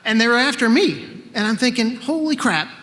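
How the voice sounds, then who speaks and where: A man's voice: extremely high pitch, fairly even intonation, fairly quick, pushed and bright, long reverb tail. A man in his fifties telling a true story on stage in a conversational, wry way, acting out bits of dialogue. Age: 50s. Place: live event stage in a hall.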